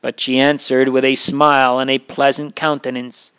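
A man's voice: mid-range voice, flat delivery, moderate pace, fairly bright tone, clean tone. A man reading an old religious memoir aloud in a solemn, earnest way. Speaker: reader.

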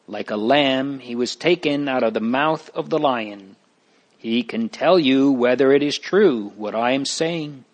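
An earnest, brave pilgrim leader recounts events solemnly and slowly, read by a man in his everyday voice. The storybook delivery is calm and unhurried. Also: medium pitch, close to an everyday voice.

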